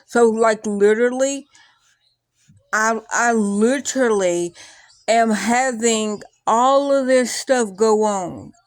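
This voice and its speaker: A young adult woman talking through her feelings in a rambling, animated vlog, full of likes and restarts. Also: a little high, takes it slowly, dry recording. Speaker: vlogger. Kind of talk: casual confessional talk to camera.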